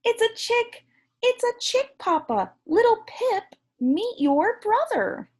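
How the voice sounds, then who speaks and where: A woman voicing an excited little girl penguin in a read-aloud storybook, squealing and breathless. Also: extremely high pitch, slow, pitched above the performer's own voice, full character voice.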